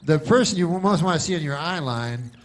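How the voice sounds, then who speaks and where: A man telling a meandering stand-up story in a deadpan way, full of asides. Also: on the high side, fairly quick. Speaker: stand-up comedian.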